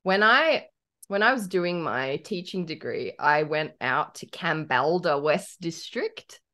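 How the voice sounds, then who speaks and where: A woman's voice: fairly low pitch, a bit bright. A young Australian woman co-hosting a podcast in casual chat, giggly and effusive. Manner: giggly and effusive, talks over her co-host. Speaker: podcast co-host.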